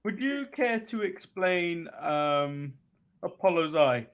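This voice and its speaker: A man's voice: fairly high pitch, lively intonation, slow, dull audio. A man from England co-hosting a wrestling recap show, chatting casually with frequent laughs and hesitant ums. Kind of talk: casual podcast banter.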